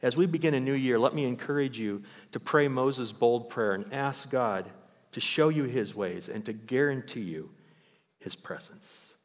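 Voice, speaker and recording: A man's voice: mid-range voice, moderate pace. A male pastor preaching a sermon in church. He tells Bible stories with animation and raises his voice to act them out. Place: church sanctuary. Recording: long hall reverb.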